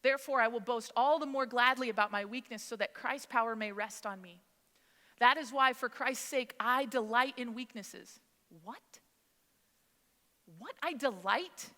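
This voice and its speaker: A woman in her thirties, a mother of three, preaching a sermon in a casual, conversational way, full of lively asides. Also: on the high side, moderate pace. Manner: conversational, animated storytelling. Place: church sanctuary. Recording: long hall reverb.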